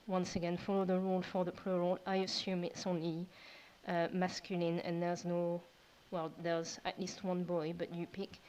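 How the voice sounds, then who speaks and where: A woman's voice: fairly low pitch, a little mellow, highs cut off. Patient woman teaching a language lesson. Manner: patient, repeats steps, explains slowly. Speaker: French teacher.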